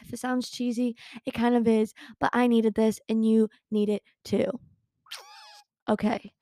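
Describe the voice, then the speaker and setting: A woman's voice: a little high, little pitch movement, unhurried, dark tone, no room sound, studio quality. A young woman hosting a casual talk show, chatty and bubbly, giggling often as she reads from a book. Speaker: podcast host. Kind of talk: casual chat with book readings.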